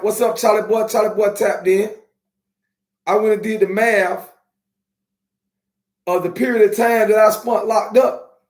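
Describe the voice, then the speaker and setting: A man hosting a podcast, talking casually and streetwise to his viewers, slowing down to preach his points. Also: high-pitched. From Miami. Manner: streetwise, preachy, drawn-out slow emphasis. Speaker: podcast host. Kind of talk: casual live-stream talk to viewers. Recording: echoey room.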